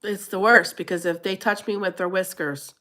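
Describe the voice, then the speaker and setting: Middle-aged lady chatting on her livestream, lively, laughs a lot, pitch jumps way up on quotes. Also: normal speed. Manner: animated, laughs often, squeals when quoting herself. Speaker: livestream host. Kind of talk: casual livestream chat.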